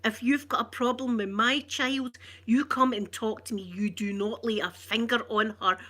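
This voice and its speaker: A woman's voice: a little high, fairly even intonation, pushed and bright. Scottish woman playing a furious protective mum. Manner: slow, emphatic threats.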